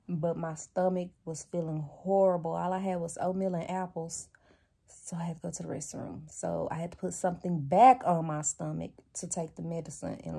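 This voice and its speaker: Husky-voiced woman vlogging bluntly. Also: on the low side, warm tone. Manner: blunt and chatty, swears freely; laughs often while talking. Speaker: lifestyle vlogger. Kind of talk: casual chat to camera.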